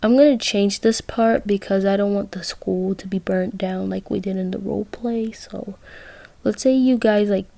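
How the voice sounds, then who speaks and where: A woman's voice: mid-range voice, steady tone, moderate pace, gravelly, dark tone, dry recording. A young woman casually telling a listener role-play story, rambling with asides.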